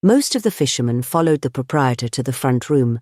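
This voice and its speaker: An audiobook narrator reading a classic detective story in a measured, even way. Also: mid-range voice, no echo, studio quality. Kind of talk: scripted narration of a classic novel.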